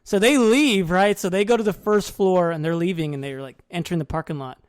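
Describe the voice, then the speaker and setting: A man's voice: high voice, brisk, clear, resonant tone. A young man telling a barracks story in casual, profane chat, laughing often and acting out what people said. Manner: animated, profane, laughs often, acts out quoted lines. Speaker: podcast guest.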